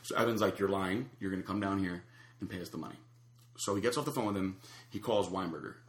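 Man, low voice, quick talker, animated storyteller, echoey room. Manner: animated storyteller acting out quotes. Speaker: storyteller guest. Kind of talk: casual chat, anecdote.

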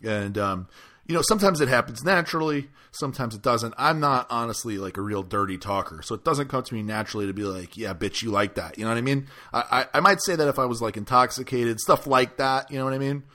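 Bright-voiced rambling man telling a story. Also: mid-range voice. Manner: rambling, halting, many fillers. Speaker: podcast host. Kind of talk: casual storytelling chat.

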